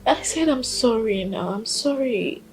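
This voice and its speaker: A man's voice: extremely high pitch, animated, faint music behind, exaggerated voice. An actor playing an embarrassed young man with a Nigerian accent, apologizing to his girlfriend. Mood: apologetic. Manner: apologetic, slow.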